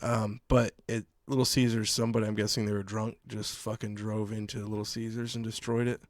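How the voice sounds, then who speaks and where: A man co-hosting a casual podcast, telling stories in an animated way with a lot of swearing. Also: lowish voice, a little fast, no room sound, studio quality. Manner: profane, animated storyteller. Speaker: podcast co-host. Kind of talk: casual chat. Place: remote recording, like a video call.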